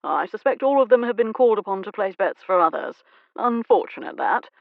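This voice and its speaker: An arrogant, predatory earl, as a woman voices him who speaks in a lazy, snide drawl. The voice carries a gravelly texture. It is recorded dry and a bit dull. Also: high-pitched, expressive, a little fast, no echo.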